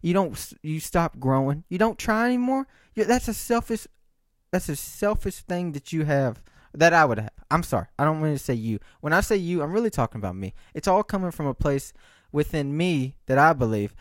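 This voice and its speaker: A man's voice: on the high side, animated, brisk, dry recording, studio quality. A man talking to camera in a rambling, profane monologue, checking in with frequent "right?" asides. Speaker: vlogger.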